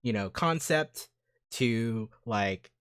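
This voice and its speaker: A man's voice: medium pitch, animated, extremely slow, a bit bright, smooth. A man guesting on a podcast, reminiscing casually with his old college friend, enthusiastic and rambling with lots of "like" and "dude".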